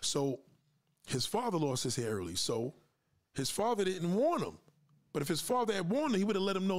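A man's voice: on the high side, big pitch swings, fairly quick. A man hosting a live podcast, lecturing his listeners in a confrontational, profane rant and daring them to push back. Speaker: podcast host.

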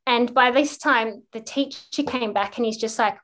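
A woman's voice: on the high side, moderate pace. A woman guest on a parenting podcast, casually telling a personal story and acting out the quotes. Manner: lively anecdote telling with acted-out quotes.

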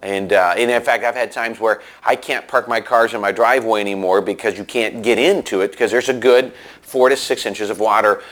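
A man giving a sermon in a conversational way, telling a story with many restarts and lively asides. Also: lowish voice, fairly quick. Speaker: preacher.

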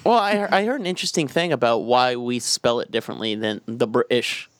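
A man co-hosting a podcast, ranting loudly and swearing in casual banter. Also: mid-range voice, a little fast, no room sound. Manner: loud, profane, ranting rants with put-on voices. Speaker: podcast co-host.

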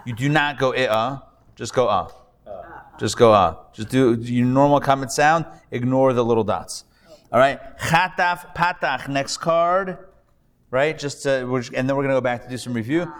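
A rabbi speaks at a moderate pace in a medium-pitched voice, patiently working through Hebrew pronunciations with students in a live reading class. The setting is a classroom hall with an audience, captured in a reverberant recording.

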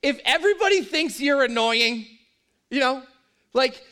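A man's voice: extremely high pitch, lively intonation, a little slow, sharp tone. A man preaching a sermon in a conversational, joking and emphatic way. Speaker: pastor.

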